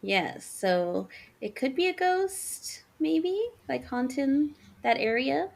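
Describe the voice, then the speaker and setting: A woman's voice: high-pitched, big pitch swings, takes it slowly, gravelly. A woman co-hosting a podcast, retelling spooky stories in casual chat. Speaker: podcast co-host.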